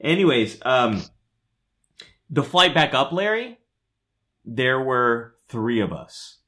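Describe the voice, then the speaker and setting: A man's voice: mid-range voice, takes it slowly. A man co-hosting a podcast, casually recounting a personal memory. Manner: relaxed, recounting a personal story with fillers. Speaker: podcast co-host. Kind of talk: casual conversational chat.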